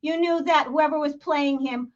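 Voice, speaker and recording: A woman with a Boston accent hosts a livestream, delivering heated, profane rants and laughing as she comments. Her voice is high and steady, she talks at a normal speed, and the audio sounds dull.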